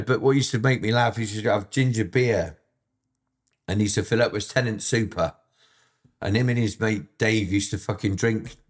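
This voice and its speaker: A middle-aged man, telling blunt, profane, rambling stories about his past as an interview guest. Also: lowish voice. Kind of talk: casual storytelling, heavy swearing.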